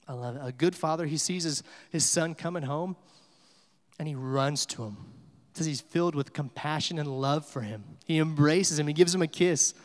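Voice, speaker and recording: A man preaching to a church, his fairly high voice swinging from quiet reflection to loud, emphatic peaks. The sound carries a long, ringing reverb from the sanctuary. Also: a little fast. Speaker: pastor. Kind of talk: sermon.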